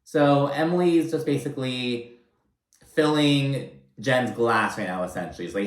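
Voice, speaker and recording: A man talks through a reality TV recap in a loose, casual way, and his asides are blunt, profane and openly sarcastic. His voice sits in an ordinary middle pitch. The recording carries a noticeable roomy echo. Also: unhurried.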